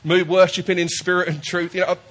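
A man's voice: high voice, flat delivery, fast talker, fairly bright tone. A man preaching a chatty, jokey sermon while he has a cold, often checking in with his listeners.

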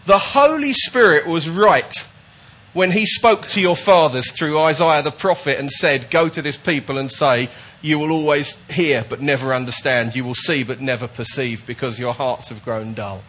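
A man preaches to his congregation in an emphatic, repetitive way, circling back over his points and stumbling into restarts. His voice sits somewhat high for a man. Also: moderate pace, fairly bright tone, husky. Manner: emphatic, repetitive, with false starts. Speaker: pastor. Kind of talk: sermon.

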